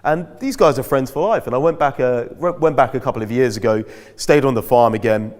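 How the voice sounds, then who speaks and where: A man's voice: mid-range voice, brisk, a little mellow. Self-mocking man in an echoey hall. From Britain. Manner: chatty, self-mocking storyteller. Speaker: guest speaker at a school. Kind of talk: anecdotal talk to an audience. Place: school hall.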